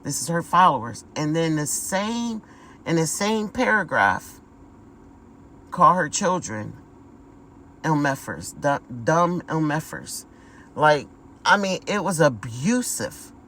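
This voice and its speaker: A woman's voice: low voice, very animated, slow pace, fairly bright tone, slight background noise, low-quality recording. A woman giving a casual spiritual vlog monologue, talking emphatically, repeating words and calling her viewers y'all. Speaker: spiritual vlogger.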